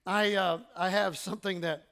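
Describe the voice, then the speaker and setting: Bright-voiced Southern pastor preaching. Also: male voice, high voice, steady tone, moderate pace. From American South. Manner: conversational, self-deprecating, with stammered restarts and quoted exchanges. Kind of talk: sermon.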